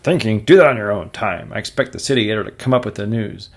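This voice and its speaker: A man voicing a grumpy, blustering middle-aged newspaper publisher from a comic, loud and self-pitying. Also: medium pitch, fairly quick, gravelly.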